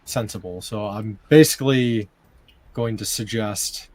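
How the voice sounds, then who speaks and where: A man playing a tabletop game, thinking aloud through his character's spells and reading rules in a halting way. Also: fairly low pitch, darkish tone. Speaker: player.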